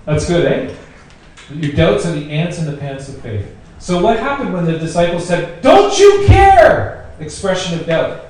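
A pastor with a fairly high, slightly mellow voice preaches at a moderate pace, conversational and repeating phrases for emphasis. The room is very echoey, the mic distant, and there is faint noise.

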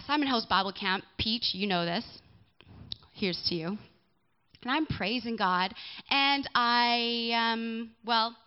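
A woman's voice: on the high side, smooth, highs cut off. A young woman sharing a personal testimony at a church gathering, talking candidly and chatting with people in the audience. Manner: candid and chatty, with asides to listeners. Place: church hall with a live audience.

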